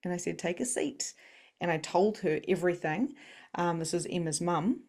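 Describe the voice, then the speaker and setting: Lively, expressive woman telling her story. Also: on the low side, a little fast. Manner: expressive, acts out quoted voices, laughs often. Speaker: psychic medium and coach, interview guest. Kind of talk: animated personal storytelling.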